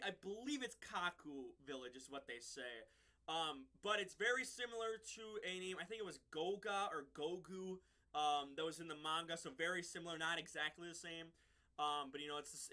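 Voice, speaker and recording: Bright-voiced young man recapping an episode. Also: sits high. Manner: rambling, many ums and restarts. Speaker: reviewer.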